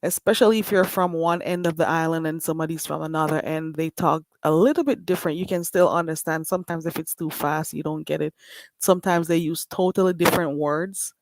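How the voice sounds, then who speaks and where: A woman's voice: deep voice, steady tone, fairly quick, slight background noise. Blunt Caribbean woman streamer. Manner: blunt, chatty, frequent laughs. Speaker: livestream host. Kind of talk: casual live-stream chat.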